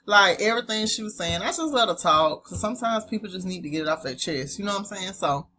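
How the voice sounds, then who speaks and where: A woman's voice: medium pitch, lively intonation, fast talker, bright, forceful tone. A woman with a Southern US accent, reading dictionary entries aloud to her viewers and breaking off for chatty asides. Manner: chatty, talks straight to viewers as "y'all". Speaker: online Bible etymology presenter.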